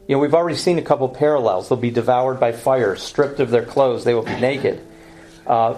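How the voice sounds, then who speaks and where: A man's voice: mid-range voice, brisk, a little mellow, low-quality recording. A man teaching through Bible verses in a sermon style, earnest and explanatory, often correcting himself as he goes.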